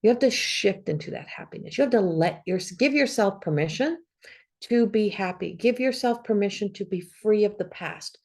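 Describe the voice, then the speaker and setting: A woman with a medium-pitched, expressive, slightly mellow voice speaks at a moderate pace. As a psychic reader in a solo camera video, she reads tarot cards for a forecast, earnestly encouraging viewers, repeating herself and restarting as she thinks aloud.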